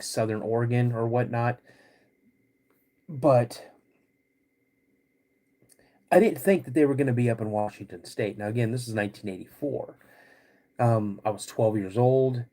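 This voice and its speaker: Slow-talking middle-aged man hosting. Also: medium pitch, dark tone. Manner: laid-back and rambling, greets chat viewers between stories; frequent throat clearing. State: getting over a cold. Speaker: podcast host. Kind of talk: casual livestream chat.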